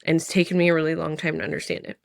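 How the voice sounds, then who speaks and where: A woman's voice: low-pitched, little pitch movement, very fast, creaky, no room sound, clean studio sound. A woman in her thirties telling a personal story to camera in a chatty way, full of "like", restarts and sighs. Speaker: vlogger.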